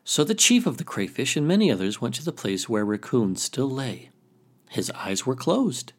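A man telling a traditional animal tale as host of a storytelling podcast, reading in an expressive, dramatic way. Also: on the low side, moderate pace, slightly rough. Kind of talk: storybook narration.

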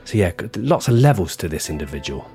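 A man's voice: low voice, sing-song, fast, dark tone, faint music behind. A man co-hosting a true-crime podcast, reading his script with offhand asides and banter. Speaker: podcast co-host.

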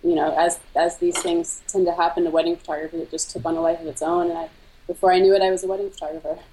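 Female guest, wedding photographer, low mellow voice, relaxed storytelling. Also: racing, rough recording. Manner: conversational, reflective storytelling. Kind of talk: casual interview.

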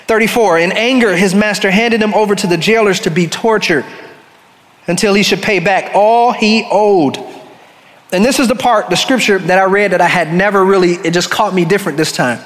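High-voiced preacher man in a reverberant church. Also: moderate pace, fairly bright tone. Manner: conversational preaching, acts out story voices. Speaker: pastor. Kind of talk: sermon. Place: church sanctuary. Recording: church hall with long reverb.

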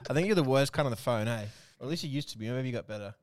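A man's voice: medium pitch, very fast, noisy background. A young Australian man co-hosting a podcast in casual chat, blunt and swearing often. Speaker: podcast co-host.

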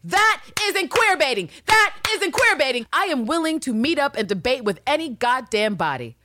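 A woman's voice: high-pitched, sing-song, normal speed, bright, forceful tone, dry recording, clean studio sound. A woman co-hosting a fan podcast, ranting with emphatic, repeated questions and swearing. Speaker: podcast co-host. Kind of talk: heated fan podcast rant.

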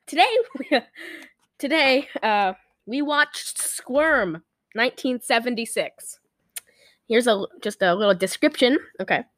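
A woman's voice: a little high, takes it slowly, fairly bright tone, no echo, clean studio sound. A woman hosting a podcast in casual chat, giggling often and rambling with lots of fillers. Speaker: podcast host.

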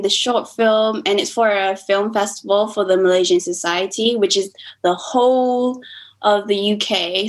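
A woman's voice: mid-range voice, poor audio. Woman, 20s, slight American accent, podcast guest, chatty, laughs easily. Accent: American-tinged. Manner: chatty, quotes herself often, laughs easily. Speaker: podcast guest, final-year student. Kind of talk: casual conversation.

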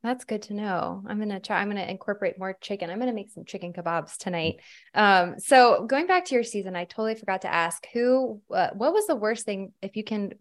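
A woman's voice: medium pitch, lively intonation, brisk. A woman hosting a podcast, asking questions in an easygoing, chatty way with plenty of fillers. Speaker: podcast host. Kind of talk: casual interview chat.

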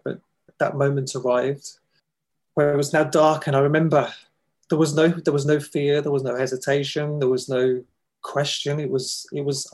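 A man gives earnest, halting testimony in an interview. His voice is gravelly and husky, with very little rise and fall in pitch. He pauses often as he searches for words. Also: a little mellow, low-quality recording. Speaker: guest, foundation founder.

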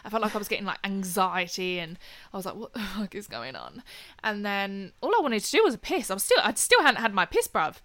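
Bright young woman spilling a night-out story, swears a lot, laughs a lot. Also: medium pitch, sing-song, fairly quick. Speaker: podcast co-host telling a story. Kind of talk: casual chat.

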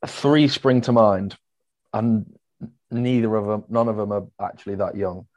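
A man's voice: fairly low pitch, unhurried, a little mellow, lo-fi sound. A man co-hosting a casual football podcast, joking and guessing trivia answers. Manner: jokey banter, guessing answers. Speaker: podcast co-host.

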